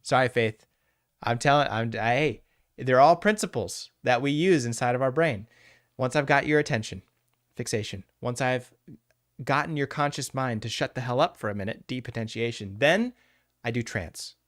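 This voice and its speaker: A man's voice: mid-range voice, moderate pace, dry recording. A man teaching a casual live class on hypnotherapy, talking bluntly with some swearing and answering viewers by name, recorded on a close, dry mic. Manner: animated, blunt and profane, answers chat by name. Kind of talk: casual livestream lecture.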